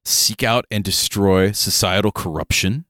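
A man co-hosting a casual tabletop gaming podcast, rambling and joking with quick asides. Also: fairly low pitch, pushed and bright, no echo, clean studio sound. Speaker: podcast co-host.

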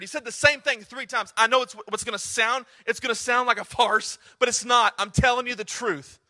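A man's voice: very high voice, fairly even intonation, normal speed, few pauses, sharp tone. A man preaching a sermon, conversational and humorous with earnest, impassioned stretches. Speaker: pastor.

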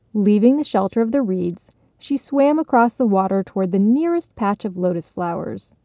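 A woman narrating a children's storybook in a calm, measured way. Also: mid-range voice, no room sound, lo-fi sound.

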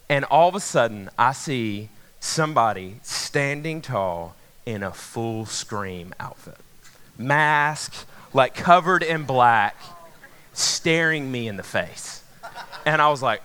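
A man preaching a sermon, telling a personal story with animated voices and sudden drops to a hush. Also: a little high, a little slow, clean tone. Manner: animated storyteller, acts out voices, jumps from hushed to loud. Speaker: pastor.

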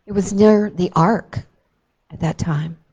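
A woman telling a Bible story to a child, gentle and slow with dramatic emphasis on key moments. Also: lowish voice, slightly rough, lo-fi sound.

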